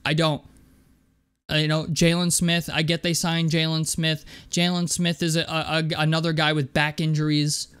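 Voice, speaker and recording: Fired-up high-voiced man ranting. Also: little pitch movement, normal speed, fairly bright tone, clean tone. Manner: angry, profane, repeats himself. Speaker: sports commentator. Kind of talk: heated basketball rant.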